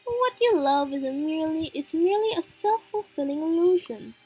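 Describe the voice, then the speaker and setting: A woman voicing a mysterious, mocking male host in a story game, asking questions in a smooth, taunting way. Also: very high-pitched, animated, normal speed, a little mellow, dry recording, soft background music, pitched above the performer's own voice, poor audio. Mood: cold.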